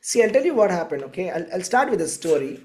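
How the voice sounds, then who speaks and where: A man's voice: high voice, sing-song, fast talker, darkish tone. Man, spiritual teacher, storytelling sermon, conversational, keeps asking "okay?". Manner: conversational, checks in with "okay?" often.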